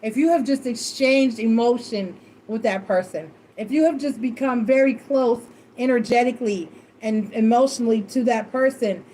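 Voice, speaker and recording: Brief: high-pitched woman reader, loose emotional chat, salty language. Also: normal speed, slight background noise. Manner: animated, emotional and swearing freely. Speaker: tarot reader. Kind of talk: casual storytelling chat.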